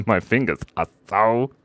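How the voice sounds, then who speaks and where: Playful chatty man with a lively pitch. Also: no room sound. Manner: playful, chatty, reads viewer requests aloud. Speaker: live-stream artist. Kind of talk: casual live drawing chat.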